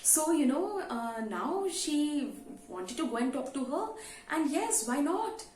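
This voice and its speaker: A woman's voice: high voice, big pitch swings, slow pace, darkish tone, a little hiss or hum. A woman teacher retelling a story to students in a conversational way, with many "you know" fillers. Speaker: English teacher. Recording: roomy with faint ambience.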